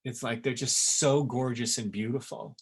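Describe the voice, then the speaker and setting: Man, middle-aged, webinar talk, earnest, emphatic, repeats words for stress, mid-pitched voice. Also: steady tone, normal speed, breathy edge. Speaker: essence maker giving a webinar.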